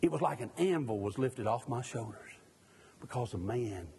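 A man's voice: mid-range voice, lively intonation, moderate pace, creaky, dark tone, slightly rough, long reverb tail. A middle-aged man from Mississippi, preaching a sermon in a church. He keeps putting pointed questions to the congregation and jokes at his own expense. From Mississippi, USA.

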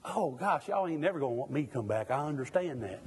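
A man's voice: on the high side, expressive, fast, long reverb tail, a little hiss or hum. A middle-aged man from Mississippi, preaching a sermon in a church. He keeps putting pointed questions to the congregation and jokes at his own expense. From Mississippi, USA.

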